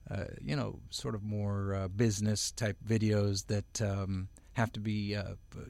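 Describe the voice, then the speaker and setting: A man's voice: on the low side, little pitch movement, unhurried, vocal fry, a little mellow, no echo. A middle-aged man, a voice-over artist, chatting as an interview guest at home, rambling with lots of fillers and restarts. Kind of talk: casual interview chat.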